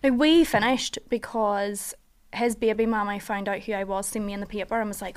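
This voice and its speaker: A woman's voice: medium pitch, fairly even intonation, a little fast, smooth. A woman with a Northern Irish accent, a podcast guest in casual chat, blunt and frank with heavy swearing.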